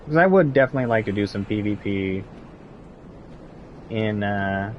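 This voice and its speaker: Man, young adult, game streamer, casual commentary, low pitch, animated, faint background noise. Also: normal speed, dull audio. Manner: chatty, talks to chat and to his game companion.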